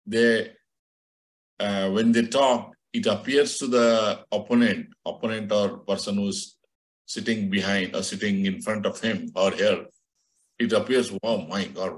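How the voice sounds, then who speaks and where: A man's voice: fairly low pitch, steady tone, unhurried. A man teaching an astrology class over a video call, explaining loosely with many fillers and restarts. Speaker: astrology instructor. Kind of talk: online class lecture.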